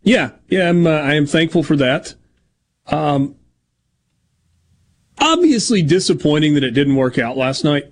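Upbeat sports radio host, higher voice. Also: male voice, animated, measured pace, long pauses, slight background noise. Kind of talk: radio talk show hosting with ad reads. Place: radio studio.

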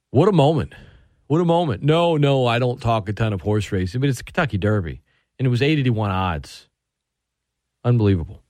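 A man hosting sports talk radio, excitable and animated, often restarting his sentences. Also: fairly low pitch, dry recording, studio quality.

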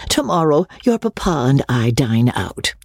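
A man voicing a fretful older mother who scolds and fusses, in a raised, breathy voice. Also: mid-range voice, sing-song, unhurried, no echo, clean studio sound, pitched above the performer's own voice. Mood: fussing. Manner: chiding, fretful.

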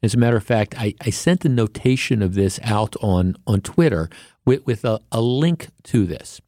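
A man's voice: fairly low pitch, animated, normal speed, mellow, no echo, clean studio sound. A man hosting a talk radio show, delivering a rambling, indignant monologue with frequent restarts.

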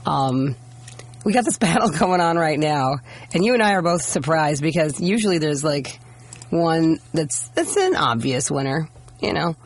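A woman co-hosting morning radio while hoarse from the flu, chatting and teasing. Her voice is gravelly with vocal fry and comes out raspy. She speaks into a studio microphone. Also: low-pitched, sing-song, normal speed. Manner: chatty, teasing, tells family stories. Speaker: radio morning show co-host. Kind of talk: casual on-air banter.

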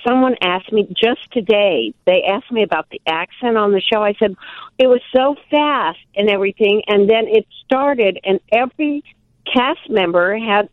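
An older woman from Milwaukee, telling animated, self-deprecating stories as an interview guest. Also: medium pitch, dry recording. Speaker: guest, actress and author. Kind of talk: casual interview storytelling. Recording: tinny phone line, dry.

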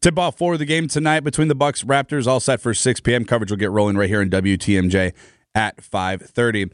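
Man, sports newsreader, brisk, dry studio sound. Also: mid-range voice, dry recording. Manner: brisk, steady newsreader delivery. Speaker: radio sports anchor. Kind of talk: scripted sports news reading.

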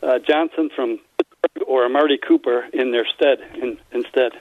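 A man's voice: medium pitch, fairly even intonation, moderate pace, no room sound. Man calling in over a phone line. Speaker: caller. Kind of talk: phone call to radio show.

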